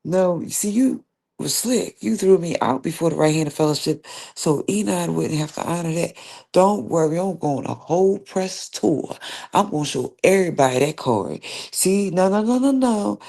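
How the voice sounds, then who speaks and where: Woman host ranting live on stream, confrontational and repetitive, lowish gravelly voice. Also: dark tone. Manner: confrontational, speaking straight to an absent opponent; rambling, repeats herself. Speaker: livestream host. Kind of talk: direct-address livestream rant.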